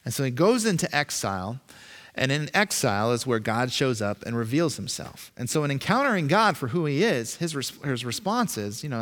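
Lively preacher in an echoey hall. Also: male voice, medium pitch, fairly quick. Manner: animated, emphatic, acts out voices. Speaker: pastor. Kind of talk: sermon. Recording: long reverb, echoey hall.

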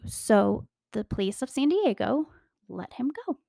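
A young woman tells a crime story in a loose, chatty way. She laughs a lot and talks to her listeners as friends. Her voice sits at an everyday pitch and sounds dry and close, with little room sound. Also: takes it slowly, creaky, dry recording. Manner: chatty, animated, laughs often, addresses listeners as "you guys". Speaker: podcast host. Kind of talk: casual true-crime storytelling.

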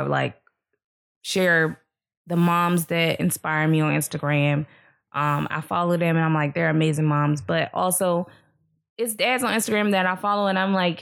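A woman's voice: fairly low pitch, creaky. A woman in her thirties hosting a podcast, chatting candidly about family and laughing easily. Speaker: podcast host. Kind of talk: casual chat.

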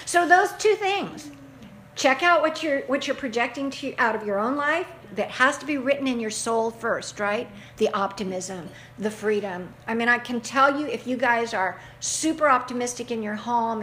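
A woman giving casual, folksy advice to a caller, animated and emphatic, often laughing as she talks. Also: a little high, a little hiss or hum. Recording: echoey room with faint ambience.

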